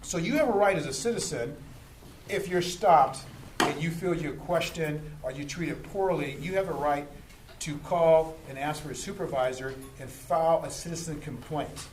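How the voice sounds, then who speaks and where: A man, a police lieutenant, explaining citizen complaints to a group and acting out street encounters. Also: on the high side. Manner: animated, acts out street scenes. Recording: echoey room, faint noise.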